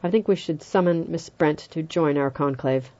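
A woman voicing an elderly male judge who speaks in a measured, formal, unhurried way. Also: sits low, mellow, dull audio, natural voice. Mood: calm.

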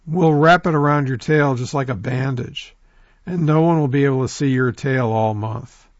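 A man voicing a sly, smooth-talking male rabbit trickster who flatters and coaxes in a folk tale. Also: medium pitch, moderate pace, dry recording, lo-fi sound, lightly acted. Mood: coaxing. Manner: coaxing, flattering, persuasive.

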